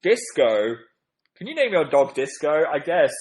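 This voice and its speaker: A young northern English man hosts a casual livestream, reading viewer comments in a playful, self-deprecating, rambling manner. His voice sits a little high and is very animated, though he's in no hurry. The recording is rough.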